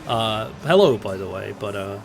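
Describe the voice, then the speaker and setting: A man's voice: on the low side, expressive, moderate pace, gravelly, a little hiss or hum. Chatty streamer man. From Netherlands. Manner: rambling, chatty, many fillers and restarts. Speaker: game streamer. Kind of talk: casual live-stream gaming chat. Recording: faint game ambience behind.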